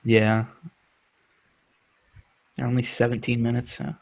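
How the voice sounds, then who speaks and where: A man's voice: mid-range voice, monotone, a little slow, creaky, darkish tone. A young man chatting casually in an online lobby, making crude jokes and swearing. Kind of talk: casual chat.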